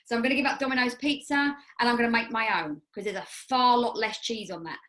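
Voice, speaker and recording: A woman with an English accent co-hosts a podcast, chatting about coaching clients in a loose, rambling way. She restarts her sentences often. Her voice sits a little high. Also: fast talker, a bit bright, rough recording. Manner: rambling, self-correcting, chatty. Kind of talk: casual chat.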